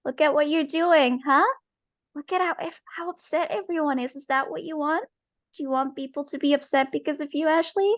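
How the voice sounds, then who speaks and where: A controlling father from a tabletop game story, played by a woman. He speaks in a raised, soothing tone that is falsely gentle. He presses his demands over and over. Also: high voice, brisk, no echo, voice pushed up, natural voice. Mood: coaxing stern. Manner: coaxing, insistent, falsely gentle.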